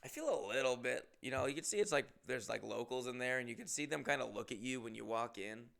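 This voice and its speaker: Gravelly-voiced man telling a rowdy story. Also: mid-range voice, quick pace. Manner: profane, animated, with bursts of loud emphasis. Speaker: comedian on tour. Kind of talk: casual storytelling monologue.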